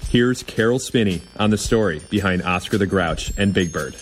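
A man hosting a radio documentary, giving smooth, scripted introductions. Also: deep voice, normal speed. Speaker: host. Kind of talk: scripted narration. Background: music bed.

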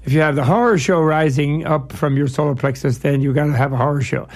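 A man's voice: on the high side, quick pace, darkish tone. Discursive man explaining ideas in an interview. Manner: discursive, digressive, uses playful analogies. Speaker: guest, Buddhist scholar.

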